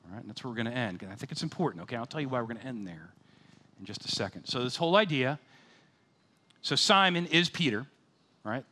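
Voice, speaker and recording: A man in his fifties preaching a sermon, animated, swinging between loud excited bursts and quiet, sober scripture readings. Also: mid-range voice, fast talker, pauses often. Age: 50s. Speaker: pastor.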